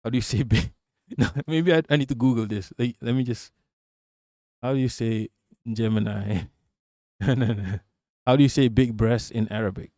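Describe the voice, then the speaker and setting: A man's voice: mid-range voice, normal speed, long pauses, darkish tone, dry recording, clean studio sound. Profane, rambling male streamer. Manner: profane, rambling, laughs often. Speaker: streamer host. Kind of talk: casual livestream commentary.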